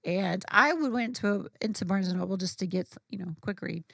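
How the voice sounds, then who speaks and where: A woman's voice: medium pitch, a little fast, vocal fry, bright, forceful tone, dry recording, studio quality. A woman guest on a casual podcast, telling a story candidly and animatedly, with plenty of swearing.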